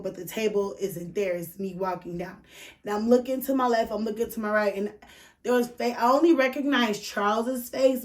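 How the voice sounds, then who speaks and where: Woman on a podcast rambling through a story, lots of "like", swears a lot, mic kinda far off. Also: mid-range voice. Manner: candid, profane, full of "like" fillers. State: emotional, near tears at moments. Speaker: podcast host. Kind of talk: casual storytelling.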